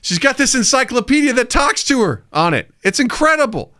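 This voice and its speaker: A man's voice: very high voice, fairly quick, dry recording, clean studio sound. A man co-hosting a podcast in casual chat, telling stories and acting out the people in them. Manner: animated storyteller, acts out quoted voices. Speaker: podcast co-host.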